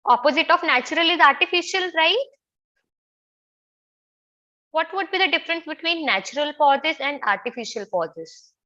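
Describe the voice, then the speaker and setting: A woman with an Indian English accent leads an online public speaking class. Her voice is high and bright, and she keeps asking questions and repeating her points. The sound comes through as a slightly dull, lo-fi video call. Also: lively intonation, normal speed, pauses often.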